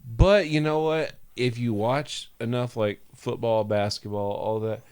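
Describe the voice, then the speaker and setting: A man's voice: medium pitch, steady tone, measured pace, darkish tone, a little hiss or hum. A man co-hosting a casual comedy podcast, dry and wisecracking. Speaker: podcast co-host.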